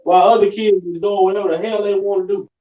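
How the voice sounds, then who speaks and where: Woman, casual podcast chat, incredulous, animated storytelling, lo-fi audio. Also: medium pitch, fast. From southern US. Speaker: podcast co-host. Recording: slightly dull, lo-fi sound.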